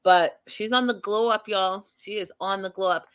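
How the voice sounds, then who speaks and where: In a casual recap of a reality show, a young woman gossips with animation, often breaking into laughter and speaking right to her audience. She speaks at medium pitch and a moderate pace, with a clean tone.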